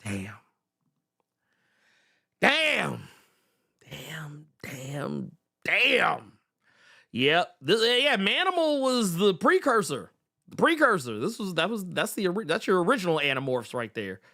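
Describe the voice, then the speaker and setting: A man's voice: high-pitched, sing-song, moderate pace, bright, forceful tone. A man hosting a live stream, chatting casually with viewers in an exclamatory, profane, joking way. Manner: exclamatory, profane, laughing often. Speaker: show host.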